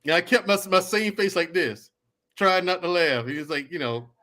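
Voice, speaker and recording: A man who served in the army, a guest on a casual podcast, telling animated stories and laughing as he goes. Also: sits high, normal speed, a crowd in the background.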